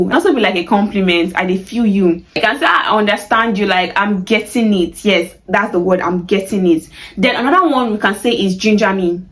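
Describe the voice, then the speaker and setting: A woman's voice: mid-range voice, fast, few pauses, rough recording. A young Nigerian woman giving a casual video lesson, chatty and laughing often, acting out sample phrases with playful emphasis. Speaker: language teacher.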